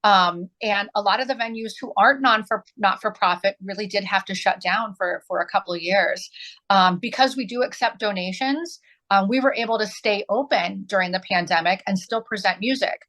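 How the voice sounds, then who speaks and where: A woman's voice: medium pitch, moderate pace, fairly bright tone, rough recording. Woman in her 40s, arts nonprofit director, earnest, says um a lot. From southern Illinois, US. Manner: earnest, many ums. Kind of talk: interview answers.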